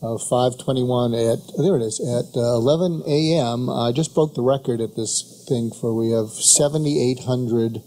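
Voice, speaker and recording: A man speaking as a radio show guest, soothing and calm, often halting and restarting his sentences. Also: mid-range voice. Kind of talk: casual radio interview. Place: radio studio.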